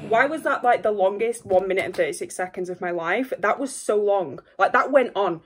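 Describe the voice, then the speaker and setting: A young woman hosting a reaction video from home, excitable and gushing, constantly apologizing while faint music plays behind her. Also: mid-range voice, fairly quick. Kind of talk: casual reaction vlog. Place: home room at a desk. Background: faint music playing.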